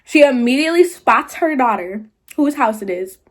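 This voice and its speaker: A young woman vlogger retelling a party story in casual slangy talk, full of "like", with animated jumps into quoted voices. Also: high voice, normal speed. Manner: slangy, filler-heavy, 'like' often.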